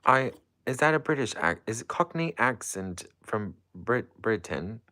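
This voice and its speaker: A man's voice: lowish voice, lively intonation, a little slow, sharp tone. A man hosting a casual livestream, reading viewer comments aloud and chatting in an effusive, rambling way. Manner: effusive and gushing, rambling with lots of "like". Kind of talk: casual live-stream chat.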